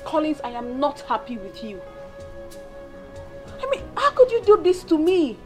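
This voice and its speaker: A Nigerian actress playing a jealous young woman who feels betrayed, shouting accusations and slipping into Pidgin. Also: sits high. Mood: angry, hurt. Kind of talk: film acting.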